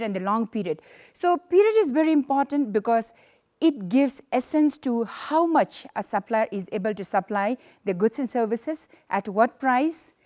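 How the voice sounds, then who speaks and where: A woman teaching an economics lesson, explaining step by step with frequent fillers and repetitions. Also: sits high. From Bhutan. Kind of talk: recorded classroom lesson.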